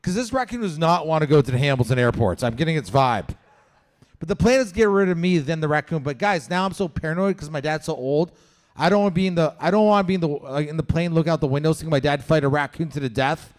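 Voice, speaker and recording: Lively Canadian stand-up comic. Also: male voice, a little high, fast. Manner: animated storytelling, swearing, acts out voices. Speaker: stand-up comedian. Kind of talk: stand-up comedy set. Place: comedy show venue with live audience.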